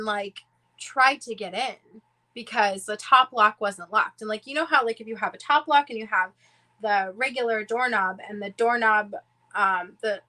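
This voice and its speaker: A woman's voice: on the high side, pushed and bright, poor audio. A woman in her twenties chatting casually on a livestream, rambling and restarting her sentences as she talks. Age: 20s. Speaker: diamond painting livestream host.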